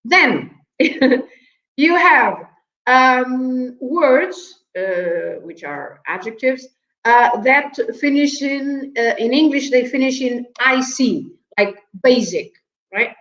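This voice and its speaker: Speaking slowly in a high, animated, slightly bright voice, a Portuguese-accented woman guests on a talk show as a language teacher. As a native speaker, she walks through vocabulary patiently, chuckling frequently and tacking on "right?". The sound is roomy and a bit dull.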